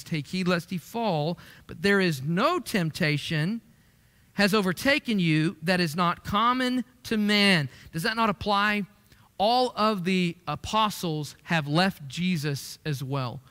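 In a church sanctuary, a man preaches a sermon conversationally, raising his voice to stress the verses he quotes. His voice is high-pitched with a fairly bright tone, and the hall is echoey.

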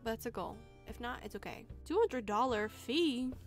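A woman's voice: on the high side, expressive, moderate pace. A young woman casually commenting on her life-sim gameplay, chatty and giggly, talking straight to her viewers. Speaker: gaming video creator. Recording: music playing under the voice.

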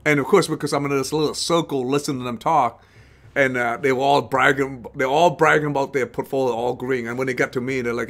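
A man's voice: medium pitch, fairly even intonation, quick pace, fairly bright tone. A man hosting a live investing show in casual talk, rambling and often restarting his phrases as he acts out other people's words.

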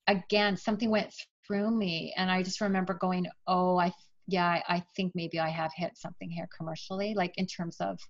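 A middle-aged woman, an author, telling the story of her writing career in a chatty, animated way during an interview. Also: lowish voice, muffled recording. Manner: chatty, animated, emotional at times. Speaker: author guest.

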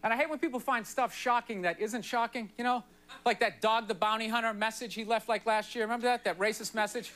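A man's voice: high voice, steady tone, fast talker. A man doing a stand-up comedy set on a television studio stage, ranting in an exasperated, rambling way with lots of "you know" asides. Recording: broadcast stand-up with loud audience laughter and noise.

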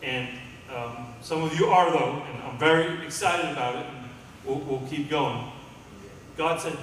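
A pastor with a fairly high, somewhat bright voice preaches unhurriedly, calling out to the congregation in call-and-response fashion and building to emphatic peaks. The recording comes from far off in an echoey hall, with a little hiss or hum.

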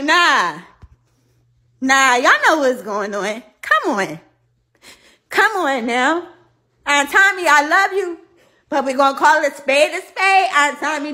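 A woman hosting a live stream, talking straight to her viewers, thanking commenters and venting bluntly with swearing. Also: high-pitched. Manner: animated, addresses viewers directly and thanks commenters. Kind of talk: casual live stream chat.

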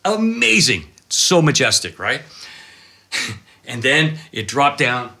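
A man in his fifties, a cameraman guest telling animated, excitable stories full of exclamations. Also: mid-range voice, slow. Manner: excitable, dramatic storyteller with exclamations and laughs.

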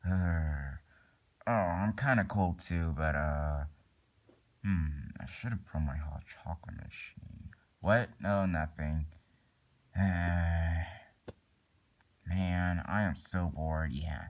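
This young man, a plush toy video maker, speaks slowly in a low voice and pauses often while improvising a toy skit. He performs all the voices, rambling with lots of fillers and restarts.

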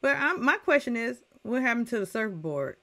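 A middle-aged woman reviewing a TV episode in a casual rant, chatty and animated as she talks straight to her viewers. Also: on the high side, normal speed, background noise. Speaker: TV recap reviewer.

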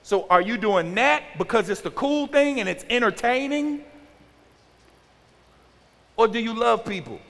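A man in his forties, a youth pastor giving an animated sermon and acting out teenagers' talk. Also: high-pitched. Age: 40s. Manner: animated, acts out teen slang with exaggerated voices. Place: church sanctuary. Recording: large hall with long reverb.

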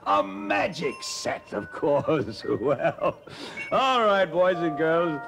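Jolly, gravelly Santa Claus. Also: male voice, on the high side, sing-song, very slow, heavily acted. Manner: hearty, chuckling, coaxing children. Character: jolly old Santa Claus quizzing children. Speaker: Santa hosting a children's toy-guessing game. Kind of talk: 1950s children's record acting. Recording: old mono LP with music behind. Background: music.

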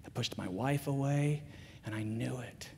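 A man giving a candid, self-mocking, animated storytelling talk at a school chapel. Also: mid-range voice, normal speed, vocal fry, a little hiss or hum. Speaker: chapel speaker. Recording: long reverb of a large chapel.

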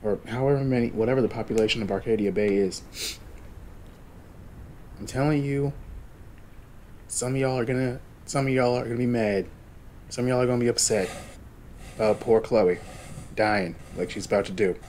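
A man's voice: medium pitch, fairly even intonation, moderate pace, long pauses, a little mellow, a little hiss or hum. A young man hosting a game let's play, chatty and talking straight to his viewers. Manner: chatty, addresses viewers directly. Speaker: gaming channel host.

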